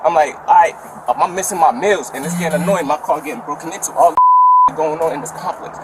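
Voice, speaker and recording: An agitated man talks fast and loud, his voice pitched a little high and rushing from one complaint to the next. He stands outdoors at an apartment complex, caught on an officer's body camera. Strong background noise runs under every word. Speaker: man questioned by police. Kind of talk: heated bodycam exchange. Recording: noisy outdoor bodycam audio.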